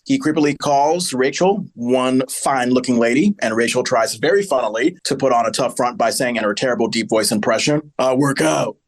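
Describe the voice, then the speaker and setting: A man co-hosting a podcast, casually recapping a sitcom episode and joking along as he reads from his notes. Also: medium pitch. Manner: chatty, joking, reads plot notes aloud.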